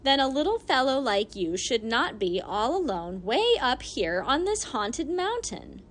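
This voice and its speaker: A woman reading an audiobook voices a brisk, bossy little old lady who scolds and teases. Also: high voice, very animated, a bit bright, slight background noise, heavily acted. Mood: teasing.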